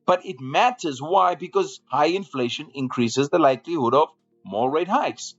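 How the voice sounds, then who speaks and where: A man's voice: on the high side, normal speed, lo-fi sound, soft background music. A man hosting a live trading room, giving market commentary and often repeating phrases to draw viewers along.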